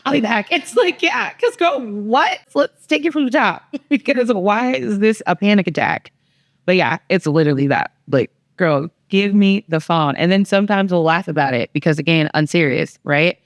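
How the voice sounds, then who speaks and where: A woman's voice: normal speed, no room sound, studio quality. A middle-aged woman, a mother, telling family stories in a candid podcast chat and acting out what was said. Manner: animated storyteller, acts out quotes with big pitch jumps.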